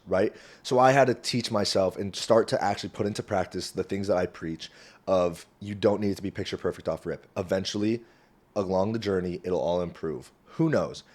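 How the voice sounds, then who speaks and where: A young man rambling into his phone camera at home, swearing freely and swinging between quiet asides and loud bursts. His voice sits a little low for a man. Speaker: vlogger. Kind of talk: casual rambling monologue. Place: small home room.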